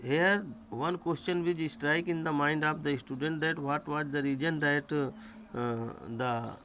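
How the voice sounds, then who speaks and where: A man's voice: a little high, fairly even intonation, fairly bright tone, a little hiss or hum, rough recording. Male teacher explaining line by line. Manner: repeats and paraphrases each line slowly. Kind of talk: line-by-line literature lecture.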